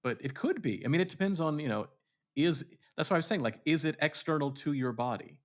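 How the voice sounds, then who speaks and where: A man's voice: on the high side, expressive, a little fast. A man co-hosting a casual podcast, a theatre director who talks in a reflective way and often restarts his sentences while looking for words. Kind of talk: casual chat.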